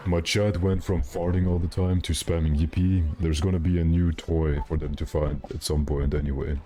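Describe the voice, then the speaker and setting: A man's voice: low-pitched, mellow. A male streamer chatting casually and rambling, with self-mocking jokes while he plays. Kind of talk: casual gaming stream chat.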